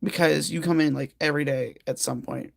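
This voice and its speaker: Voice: mid-range voice, fairly quick, creaky, no echo, clean studio sound. A livestream host chatting casually with viewers while doing a jigsaw puzzle, rambling and giggling.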